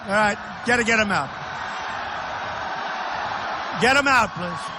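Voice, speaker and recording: A man's voice: high voice, lively intonation, fairly quick, heavy background noise. A man giving a campaign rally speech, talking emphatically and repeating himself as he speaks directly to the crowd in a large indoor arena. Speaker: political candidate. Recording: echoey arena reverb.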